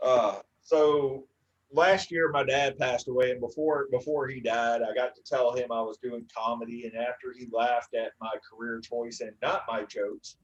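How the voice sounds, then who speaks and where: A man's voice: mid-range voice, steady tone, normal speed, highs cut off. A man doing a stand-up comedy set, telling stories in a dry way with frequent "uh"s. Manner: dry storytelling with filler "uh"s.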